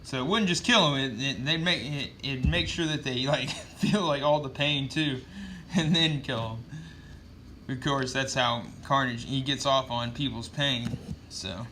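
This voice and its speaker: A man's voice: mid-range voice, unhurried, sharp tone, a little hiss or hum. A man casually recapping a comic book, rambling with lots of fillers and swearing.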